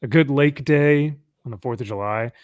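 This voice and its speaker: A young man from California hosts a relaxed livestream, cracking jokes, laughing easily and reading out viewer comments. His voice sounds close and dry, with no room around it. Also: medium pitch, normal speed, no echo. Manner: jokey, laughs often, reads viewer comments aloud. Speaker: livestream host. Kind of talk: casual chat.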